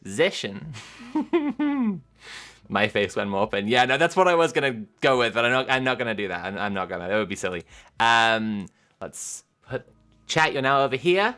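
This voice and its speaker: A woman streamer chatting casually with her viewers, animated and giggly, rambling with lots of filler sounds. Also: rumbling low, normal speed, pauses often. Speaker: live streamer.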